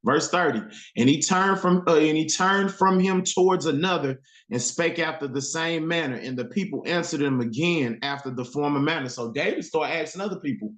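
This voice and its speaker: A man's voice: on the high side, moderate pace, hardly any pauses, fairly bright tone. A man teaching a Bible class who reads archaic verses aloud and then retells them in street slang. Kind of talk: scripture reading with commentary. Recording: roomy echo.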